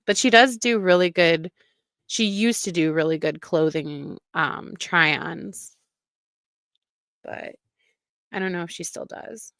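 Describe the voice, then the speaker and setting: Slow, gravelly woman mocking on stream. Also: on the low side, dry recording, studio quality. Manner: blunt, mocking, swears freely, laughs often. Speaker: livestream reaction host. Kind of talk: casual reaction commentary.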